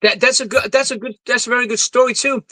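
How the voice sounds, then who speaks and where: High, bright-voiced eager man. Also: fairly even intonation, dry recording, poor audio. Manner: enthusiastic, halting with fillers. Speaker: podcast co-host. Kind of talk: casual film chat.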